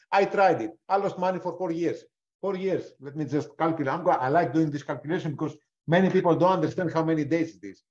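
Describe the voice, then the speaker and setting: Male trader, higher register, punchy self-questioning webinar delivery, slightly muffled call audio. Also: quick pace. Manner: emphatic, fires rhetorical questions and answers them, swears. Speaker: prop trader presenting a webinar. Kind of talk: live webinar teaching.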